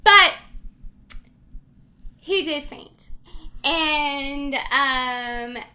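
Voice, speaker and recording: A woman's voice: high-pitched, measured pace, rough recording. A young woman casually recapping a book on a podcast, animatedly acting out the characters' lines. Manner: animated storytelling, acts out quotes. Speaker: podcast co-host.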